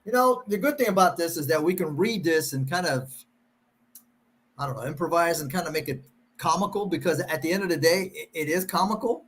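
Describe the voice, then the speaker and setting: A man's voice: a little high, lively intonation, fairly quick, a bit bright, breathy edge. A middle-aged man hosting a casual chat, reading verses aloud and mocking them sarcastically. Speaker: show host.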